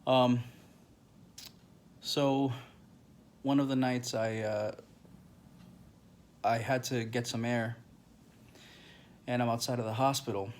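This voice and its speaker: A grieving man telling a personal story to camera in a halting, emotional way, with many pauses and restarts. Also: mid-range voice, little pitch movement, slight background noise.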